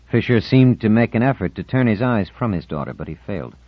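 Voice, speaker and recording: Deep-voiced male audiobook narrator. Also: animated, a little fast, hardly any pauses, dry recording. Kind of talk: scripted narration. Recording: dull, dry studio recording.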